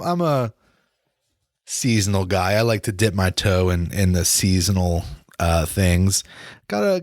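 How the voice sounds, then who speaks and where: In a fairly low voice, a man hosts a casual solo podcast about football and beer, rambling with lots of fillers and frequently restarting his sentences. The audio is close and dry, without room echo.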